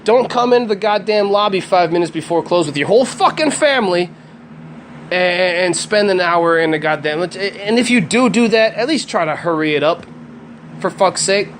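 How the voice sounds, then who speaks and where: A man's voice: sits high, lively intonation, moderate pace, fairly bright tone, a little hiss or hum, rough recording. Foul-mouthed ranting man in his thirties. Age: 30s. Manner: blunt, swears constantly, stumbles and restarts. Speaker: podcast host. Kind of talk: profane solo rant.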